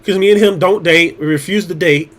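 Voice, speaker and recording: A man's voice: sits high, a little fast, a bit bright. A man chatting casually on his livestream, blunt and profane, rambling with restarts. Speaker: streamer.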